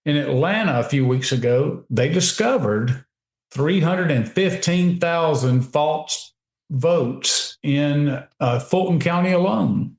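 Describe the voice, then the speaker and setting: A man's voice: a little high, animated, slow pace. A man giving emphatic, opinionated commentary on a radio talk show, often restarting his sentences. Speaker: guest commentator. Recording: roomy echo.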